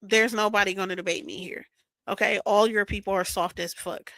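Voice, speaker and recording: Sharp, combative woman ranting. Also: mid-range voice, steady tone, fairly quick, no room sound. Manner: combative, sarcastic, swears constantly; keeps checking in with "right?". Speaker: vlogger. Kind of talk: casual profane recap rant.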